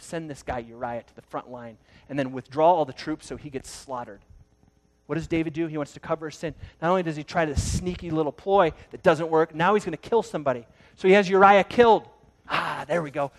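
A man preaching a sermon, telling a story dramatically and swinging between loud bursts and hushed moments. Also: fairly high pitch. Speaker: pastor.

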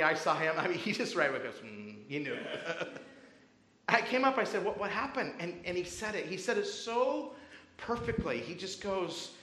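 A man's voice: on the high side, bright, forceful tone, echoey room, rough recording. A man preaching a sermon to a congregation, talking casually and telling stories from camp. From grew up Baptist. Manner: conversational preaching with anecdotes. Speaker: pastor.

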